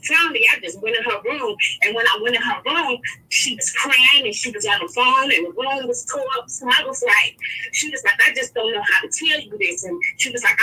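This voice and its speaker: A woman caller telling a personal story in a rambling, animated way, full of restarts. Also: on the high side, breathy edge, poor audio. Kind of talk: casual phone-in storytelling.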